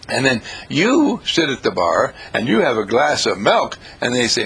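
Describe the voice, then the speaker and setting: A man giving a rambling, anecdotal spiritual talk who swings his pitch up and down for emphasis. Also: very animated, normal speed, few pauses, fairly bright tone, slightly rough. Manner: storytelling, swings pitch for emphasis, laughs at himself.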